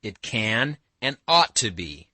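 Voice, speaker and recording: A man's voice: fairly low pitch, normal speed, fairly bright tone, no room sound, natural voice. A man doing an earnest, emphatic young man. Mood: insistent. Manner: emphatic, pleading.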